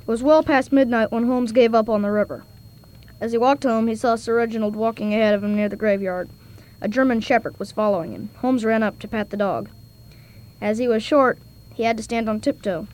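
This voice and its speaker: A woman's voice: a little high, fairly quick, a little mellow, rough recording. Woman reading a story aloud. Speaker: reader.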